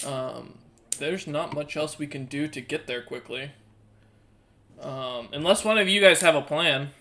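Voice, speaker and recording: A man playing a tabletop game, his bright, forceful voice sitting a little higher than most men's. He jokes, hesitates and stacks up fillers, with faint noise behind him. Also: unhurried. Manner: joking, hesitant, many fillers. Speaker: player. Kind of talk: casual tabletop game talk.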